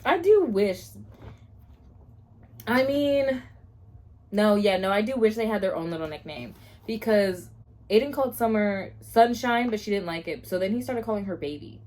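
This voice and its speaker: A woman's voice: medium pitch, a little fast, a little mellow. A young woman chatting casually in a reading vlog, gushing expressively and laughing often. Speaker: book vlogger.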